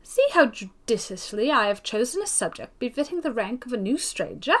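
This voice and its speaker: A woman's voice: a little high, sing-song, fairly quick. A woman voicing a bold, gossipy genteel spinster who speaks primly. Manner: bold, prim, slightly triumphant.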